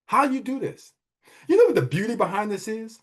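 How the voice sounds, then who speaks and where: Middle-aged male podcast host, emphatic and repetitive, higher voice with lively intonation. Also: brisk. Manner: emphatic, preachy, repeats phrases for effect. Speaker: wealth advisor and podcast host. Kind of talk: motivational money talk.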